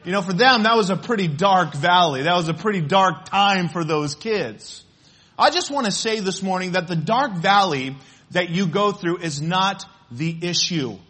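Lively, high-voiced male pastor preaching. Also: normal speed, husky. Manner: lively storytelling with laughter. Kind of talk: sermon. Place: church sanctuary.

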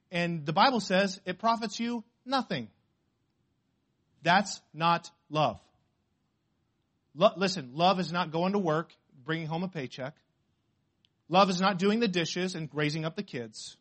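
A man with a notably high voice preaches to his congregation. He drives points home by repeating short phrases, throws questions at the room, and swings between loud emphatic bursts and hushed, confiding asides. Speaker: pastor. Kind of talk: sermon.

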